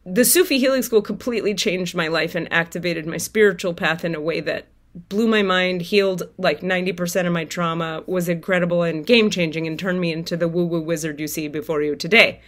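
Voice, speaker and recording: A woman telling viewers a personal story in a casual, animated way, swearing freely and acting out her own outbursts. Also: on the low side, brisk. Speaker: tarot reader and spiritual vlogger.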